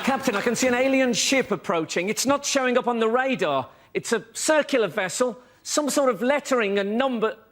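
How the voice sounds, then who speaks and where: A man's voice: very high voice, animated, fairly quick, hardly any pauses, fairly bright tone, a faint crowd, pitched above the performer's own voice. A man playing an earnest starship crewman. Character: eager young male starship crewman on watch. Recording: studio audience and noise.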